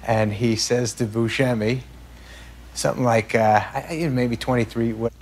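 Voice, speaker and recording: A man's voice: medium pitch, steady tone, normal speed, slight background noise. Talk show guest, man, stammering storyteller; played-back clip with audience. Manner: rambling, laughs through his own stories, stammering restarts. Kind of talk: comic anecdote telling.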